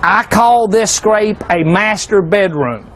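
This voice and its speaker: A man's voice: high voice, animated, slow, fairly bright tone, a little hiss or hum. A man giving a folksy, joking hunting seminar, peppering a live audience with rhetorical questions.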